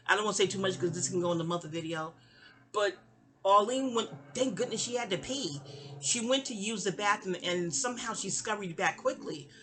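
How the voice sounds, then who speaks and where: A woman's voice: medium pitch, a little fast, fairly bright tone. A young woman casually telling a personal story, chatty and digressive, often trailing off into asides. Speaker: audio diarist.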